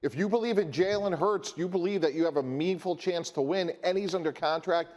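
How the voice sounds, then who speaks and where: Tv football analyst, higher voice, lays out reasons one by one. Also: male voice, fairly quick. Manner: steady, listing reasons. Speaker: sports analyst. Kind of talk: tv studio debate.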